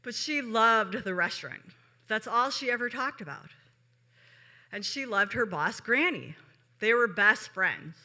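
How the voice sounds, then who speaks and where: A woman's voice: fairly high pitch, expressive, measured pace, sharp tone. A woman from Chicago telling a personal story on stage in a chatty way, with frequent asides to the audience. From Chicago, USA. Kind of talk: live storytelling.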